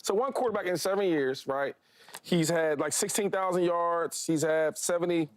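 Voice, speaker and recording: A man on a sports debate show, talking in an animated, joking, colloquial way. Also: fairly high pitch, normal speed, dry recording.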